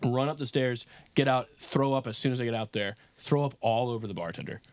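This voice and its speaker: Fast-talking profane man telling stories. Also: mid-range voice, no echo. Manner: profane, animated storyteller. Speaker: podcast co-host. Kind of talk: casual chat, storytelling.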